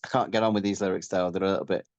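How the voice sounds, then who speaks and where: A man with a Yorkshire accent, a rock singer chatting as a guest in a relaxed, rambling, modest way. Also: deep voice, very fast, no echo, dull audio. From Yorkshire, England. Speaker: rock band frontman, guest. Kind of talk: casual interview chat.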